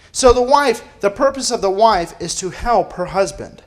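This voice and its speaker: A man's voice: sits high, expressive, moderate pace. A man preaching a sermon as pastor, emphatic and firing off rhetorical questions. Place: church.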